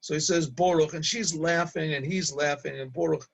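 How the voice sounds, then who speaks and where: A middle-aged man, a rabbi, casually telling an anecdote, halting and repeating words and laughing at his own story. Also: fairly high pitch, steady tone, gravelly, husky, low-quality recording.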